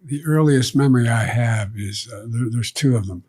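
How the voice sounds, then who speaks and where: Older man, husky voice, middle pitch, relaxed storytelling, often dropping to a murmur. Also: moderate pace. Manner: reflective anecdotes, trailing to a low murmur. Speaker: guest. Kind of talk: storytelling in conversation.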